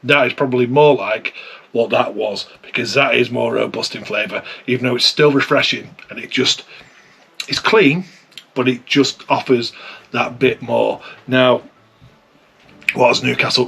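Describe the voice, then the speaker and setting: A man talks through a beer tasting in a relaxed, chatty way, musing aloud as he goes. His voice has a husky, slightly rough edge at a middling pitch. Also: normal speed. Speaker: beer reviewer. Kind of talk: casual tasting review.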